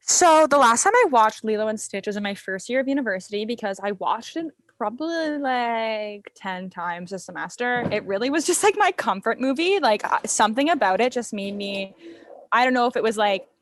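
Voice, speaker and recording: A young woman in her twenties, a guest on a podcast, chatting casually in an animated, giggly way with plenty of slang. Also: a little high, normal speed, a little hiss or hum.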